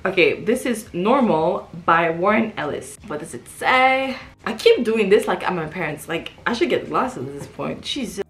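A woman vlogger chatting casually through a book haul, reading back covers aloud and reacting with quick exclamations. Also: on the low side, animated, soft background music.

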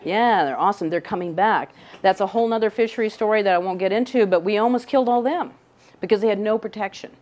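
Talking fast in a mid-range, darkish voice, a middle-aged female scientist chats casually with young people. The talk takes place in an indoor room with a couch, and she frequently adds "right?" to check they're following.

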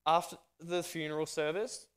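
A man's voice: fairly high pitch, normal speed, clean tone. Australian man telling a sermon story. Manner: lively storyteller, acting out dialogue. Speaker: guest speaker.

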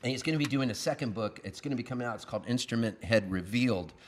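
A man's voice: medium pitch, rapid-fire, slight background noise. A man, a singer-songwriter, playing guitar live, singing and telling wry, self-mocking comic stories. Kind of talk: live song and comic storytelling.

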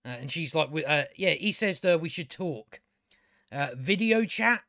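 A man chats his way through an episode review in a slightly high voice. He rambles, restarts his sentences and swears offhandedly. The recording is close and dry, with no room sound. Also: lively intonation, moderate pace, pushed and bright, dry recording. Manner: chatty, frequent restarts, swears casually. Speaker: TV review channel host.

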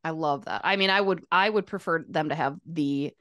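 A chatty woman, co-hosting a hockey podcast. Her voice sits a little low, and the sound is close and dry. She rambles loosely, with plenty of "like" and "um.". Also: moderate pace, fairly bright tone, no room sound. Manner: chatty, lots of fillers. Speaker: podcast co-host. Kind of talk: casual hockey podcast chat.

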